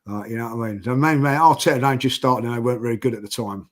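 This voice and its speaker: An older man tells stories in a loose, rambling way. He circles back, repeats himself and leans on fillers as he goes. His voice sits at an ordinary middle pitch. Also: fast. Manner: rambling, many fillers and restarts. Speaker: podcast guest. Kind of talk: casual storytelling chat.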